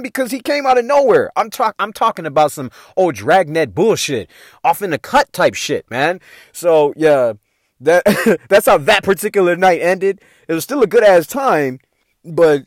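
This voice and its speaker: A man's voice: fairly high pitch, no echo, studio quality. A young man from the hosting his own show, telling a profane, laughing story in a casual monologue. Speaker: podcast host.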